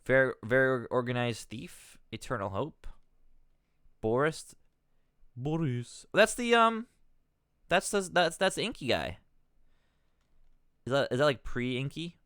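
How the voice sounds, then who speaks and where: A man's voice: mid-range voice, animated, measured pace, long pauses, fairly bright tone, smooth, no room sound, clean studio sound. A man streaming live, swearing and ranting with exasperation, rambling and cutting himself off as he talks. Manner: rambling, self-interrupting.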